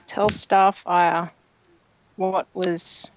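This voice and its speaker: Slow flat player voice, describing what their character does. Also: mid-range voice, no echo, low-quality recording. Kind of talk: tabletop game play.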